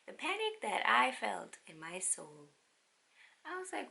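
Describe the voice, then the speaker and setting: A young woman telling a personal story in a casual, animated, wry way. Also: mid-range voice, gravelly. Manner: animated, wry, quotes others in quick asides. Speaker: vlogger.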